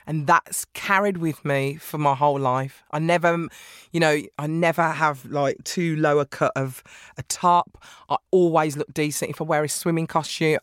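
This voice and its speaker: A woman talking as a guest in a podcast interview, lively and chatty, often breaking into laughs. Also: low-pitched, no echo, studio quality. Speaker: guest author. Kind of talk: casual interview chat.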